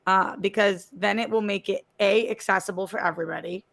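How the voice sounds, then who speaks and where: A woman co-hosting a podcast, talking in casual chat with quick asides. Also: medium pitch, fairly even intonation, vocal fry, fairly bright tone. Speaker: podcast co-host.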